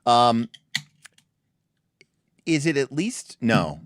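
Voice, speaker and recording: A man's voice: mid-range voice, drawn-out words, dry recording, clean studio sound. A man hosting a tabletop game livestream, chatting casually and breaking off into restarts and asides as he reviews rules. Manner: animated, many restarts and asides. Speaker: livestream host.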